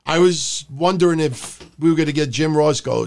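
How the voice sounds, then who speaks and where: Speaking at a moderate pace in a fairly high, creaky voice, a man hosts a wrestling review podcast. He meanders casually, curses liberally and breaks into shouted impressions.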